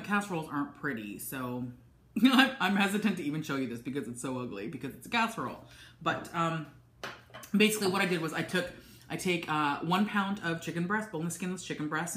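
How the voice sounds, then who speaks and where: Low-voiced woman vlogging from home. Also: fairly bright tone. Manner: chatty, with many ums and restarts. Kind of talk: casual food vlog. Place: home office, indoors. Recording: echoey room.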